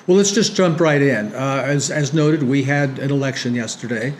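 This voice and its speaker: Middle-aged American man, lecture, dry irony, halting restarts, faint noise. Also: mid-range voice. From United States. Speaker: guest speaker. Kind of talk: public lecture with banter. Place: lecture room with audience.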